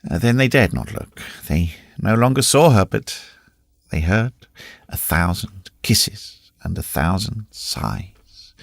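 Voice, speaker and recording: Male audiobook narrator, dramatic reading, gravelly, dry close sound. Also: fairly low pitch, lively intonation, slow pace, no echo. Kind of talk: scripted narration.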